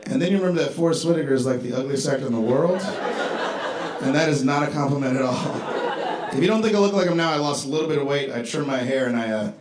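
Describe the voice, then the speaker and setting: Laid-back stand-up comic in an echoey club. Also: male voice, medium pitch, fast talker. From Chicago. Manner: laid-back, deadpan delivery with profane asides. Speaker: stand-up comedian. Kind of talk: stand-up comedy set. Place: comedy club stage. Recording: echoey club with crowd noise.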